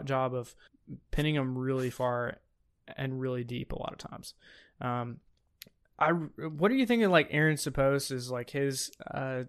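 A man's voice: medium pitch, smooth. Chatty young man talking college football. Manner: chatty, enthusiastic, with many fillers. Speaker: podcast co-host. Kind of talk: casual sports chat.

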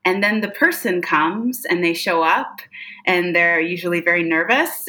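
A woman's voice: fairly low pitch, a little slow, bright, forceful tone. A woman guest, a psychic medium, talking earnestly in a casual interview, with many fillers and laughs.

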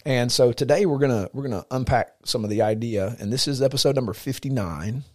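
A man's voice: mid-range voice, brisk, darkish tone, no echo, clean studio sound. A man co-hosting a faith podcast, talking casually and earnestly, often restarting as he thinks. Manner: earnest, repeats words as he thinks. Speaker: podcast co-host. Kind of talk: casual chat about faith.

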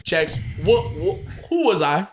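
A young man chatting late at night with friends on a podcast, boastful, laughing and loud. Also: high voice, big pitch swings, takes it slowly, a little hiss or hum. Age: young adult. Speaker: podcast host. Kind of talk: casual drunk chat with friends.

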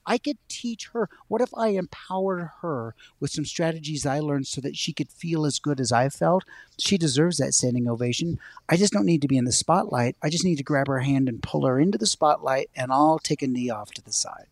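A man telling a personal story as a guest on a talk show, an animated storyteller. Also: a little high, fairly quick, dry recording. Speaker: guest, science educator. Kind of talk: storytelling in a conversation.

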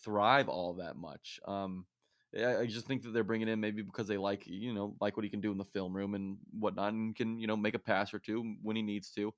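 A man's voice: lowish voice, steady tone, a little fast, dry recording, clean studio sound. A man co-hosting a casual sports podcast, laying out stats and analysis with frequent restarts. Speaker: podcast co-host.

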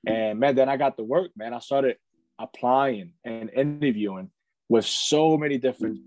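A man's voice: mid-range voice, moderate pace, darkish tone. Earnest man telling his life story. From United States. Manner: earnest, fills speech with "man" and "you know". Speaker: podcast guest. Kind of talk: candid storytelling in casual conversation.

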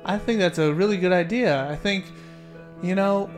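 A podcast co-host in casual chat, easygoing and agreeable, often pausing and restarting mid-thought. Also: mid-range voice, soft background music.

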